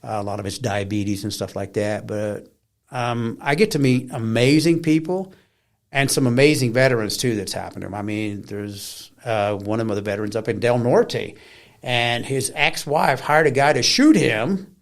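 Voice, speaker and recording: Middle-aged man, interview guest, lively storyteller who acts out quotes. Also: medium pitch, normal speed.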